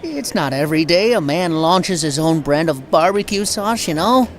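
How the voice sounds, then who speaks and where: An actor with a Southern American accent playing a bombastic, folksy country music promoter who swings from ranting to sheepish. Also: male voice, a little high, expressive, moderate pace, background noise. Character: blustering Southern good-old-boy promoter, middle-aged man. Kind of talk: video game voice acting.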